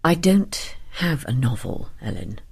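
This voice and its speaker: Quiet tired husband-writer, steady and evasive, low husky tone, read by a woman narrator. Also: measured pace, exaggerated voice. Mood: weary.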